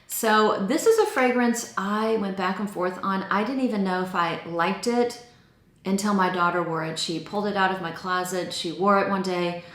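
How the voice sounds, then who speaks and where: A woman's voice: mid-range voice, moderate pace, fairly bright tone. Chatty woman reviewing perfumes, roomy echo. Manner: chatty, enthusiastic, describes scents in detail. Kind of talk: casual product review.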